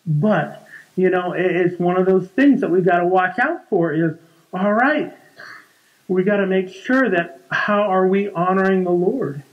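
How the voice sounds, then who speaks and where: High-voiced pastor in his forties. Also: a little slow, muffled recording. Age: 40s. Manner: conversational, repeats words and restarts often. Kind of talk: sermon. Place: church.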